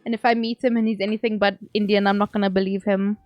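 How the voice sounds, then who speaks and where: At a quick pace and with flat delivery, a young woman with a medium-pitched voice chats casually with stream viewers, reading their messages and laughing often. The dry, lo-fi recording has soft background music.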